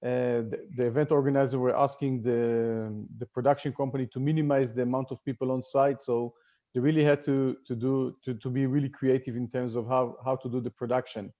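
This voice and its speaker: A man talks through a webinar panel discussion, stopping often to restart his sentences and fill the gaps. His voice sits at a middle pitch. The audio is dull and lo-fi, like a remote video call. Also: level tone. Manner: halting, many fillers and restarts. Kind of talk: casual panel talk.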